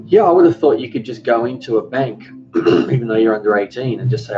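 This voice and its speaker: Speaking a little fast, this Australian cooking-channel host in his forties has a medium-pitched, expressive voice. He chats casually on his live stream, reads out viewer comments, and frequently starts his sentences over. Music plays behind him in the dull, lo-fi stream audio.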